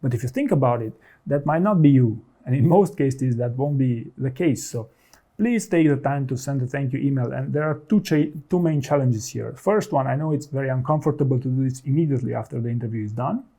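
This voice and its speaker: A man's voice: mid-range voice, brisk, warm tone, slightly rough. A man working as a career coach, talking straight to the viewer and giving direct, instructive advice. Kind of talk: advice talk to camera.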